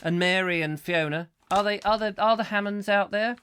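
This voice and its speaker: A man's voice: high-pitched, moderate pace, bright, forceful tone, a little hiss or hum. A middle-aged man hosting a comic live chat show, rambling playfully and breaking into silly voices and sung sound effects.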